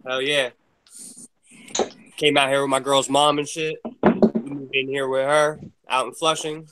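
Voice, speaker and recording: A man's voice: mid-range voice, little pitch movement, unhurried. A man from Pennsylvania talking candidly as a podcast guest, laid-back and slangy. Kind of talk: casual podcast chat. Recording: audible background noise.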